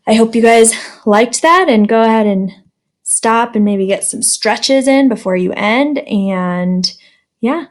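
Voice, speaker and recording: A woman's voice: on the high side, takes it slowly. A woman teacher reading a children's storybook aloud in a friendly, plain manner.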